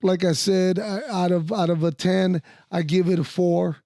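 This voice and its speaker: A man with a high, gravelly voice trades wrestling opinions in an animated, salty way, laughing often. The sound is dry and close, with no room around it. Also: normal speed, no echo. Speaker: podcast co-host, former wrestler. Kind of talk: casual sports chat.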